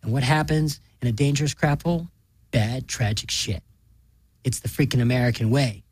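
A man's voice: medium pitch, steady tone, normal speed, darkish tone, husky, no room sound, close to an everyday voice. A man voicing a crude, blunt middle-aged man lecturing young relatives, in a storybook reading. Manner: blunt, coarse.

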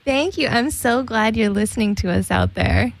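A woman hosting a radio show, chatting casually on air in quick, giggly bursts from a studio. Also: fairly high pitch, vocal fry, no echo. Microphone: studio mic.

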